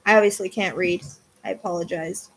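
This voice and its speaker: A woman doing a live-streamed psychic reading, excitable, swinging between hushed asides and loud exclamations. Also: lowish voice, fairly quick.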